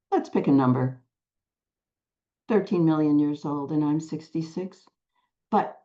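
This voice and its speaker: Slow, low-voiced older woman storyteller. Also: dull audio. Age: 60s or older. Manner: slow, hushed, with dramatic pauses and whispered phrases. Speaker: spiritual teacher. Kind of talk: storytelling talk to a group.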